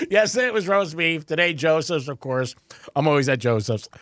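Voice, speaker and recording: Man, radio co-host, laughs a lot, slightly high voice, dry studio sound. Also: lively intonation, moderate pace, a bit bright, no echo. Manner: laughs often, chatty. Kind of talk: casual radio banter. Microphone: studio microphone.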